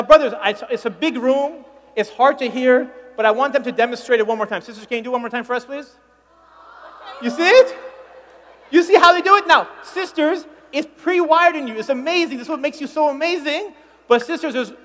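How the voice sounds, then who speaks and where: A man's voice: very high voice, fairly bright tone. A man performing stand-up comedy before a conference audience, playful and teasing as he acts out the crowd's reactions. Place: large conference hall with a live audience. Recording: long reverb of a big hall.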